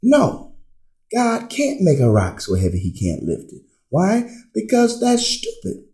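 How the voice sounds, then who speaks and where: A man teaching theology, his pitch swinging widely as he works through one rhetorical question after another. He talks slowly and deliberately, sitting a little higher than most men. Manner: animated, rhetorical questions and answers. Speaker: religion teacher. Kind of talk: classroom-style theology talk.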